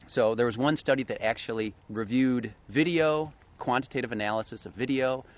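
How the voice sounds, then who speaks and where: A man's voice: medium pitch, brisk. A man co-hosting a podcast, explaining research in an enthusiastic, casual way and laughing easily. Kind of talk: casual chat. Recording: slightly dull lo-fi podcast audio.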